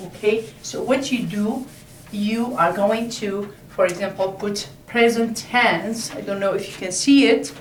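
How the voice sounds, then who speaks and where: A woman teaching a language lesson, explaining slowly and repeating each word several times. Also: mid-range voice, recorded from a distance, a little hiss or hum. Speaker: Arabic teacher. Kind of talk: slow classroom explanation at a board. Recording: echoey room, voice from off-mic.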